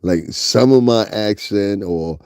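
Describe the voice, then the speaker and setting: Host: young man with a Northeastern US accent, mellow and dry-sounding, crude, laughing gossip talker. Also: on the low side, slow, clean tone, dry recording. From US tri-state area. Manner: laughs often, crude and joking. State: sleepy, up early. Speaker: commentary channel host. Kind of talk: casual gossip commentary.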